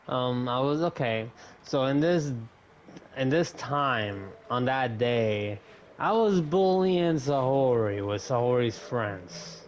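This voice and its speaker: A young man on a podcast, telling a story casually, swearing often and acting out what people said. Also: mid-range voice. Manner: animated, swears often, acts out quotes. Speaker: podcast co-host. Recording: dull lo-fi mic with faint noise.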